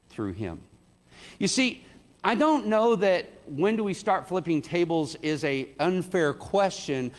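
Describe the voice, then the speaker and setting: A man preaching a sermon in a conversational way, acting out the quoted lines. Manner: conversational, acts out quotes with rising pitch. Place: church sanctuary. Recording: church hall reverb.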